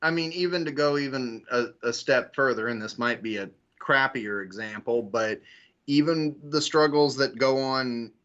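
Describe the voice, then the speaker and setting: A man in a casual political discussion who talks haltingly and fills nearly every pause with "you know". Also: mid-range voice, a bit bright. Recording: dull lo-fi audio.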